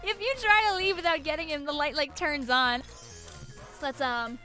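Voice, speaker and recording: Very high-pitched, bubbly woman streamer. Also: normal speed, faint music behind. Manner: excitable, giggly, coos at the cute dog, squeals "no!". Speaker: gaming streamer. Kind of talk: casual let's-play commentary.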